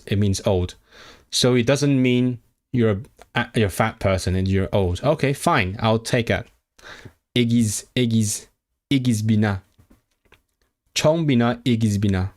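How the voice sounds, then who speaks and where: In a medium-pitched voice at a measured pace, a male streamer works through a language casually, reasoning aloud and repeating foreign words to practice them.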